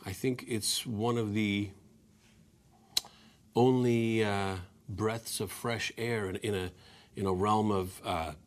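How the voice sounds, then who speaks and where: A man's voice: lowish voice, fairly even intonation, takes it slowly. A man in his forties, an actor guest answering interview questions, self-deprecating and hesitant with many restarts.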